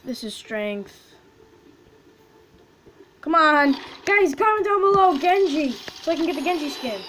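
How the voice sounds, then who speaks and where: A woman with a high, lively voice talks casually while opening loot boxes in a game. She gets excitable, chanting names and squealing at what she gets. A faint hiss sits under the recording. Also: unhurried, low-quality recording. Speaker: gaming video host.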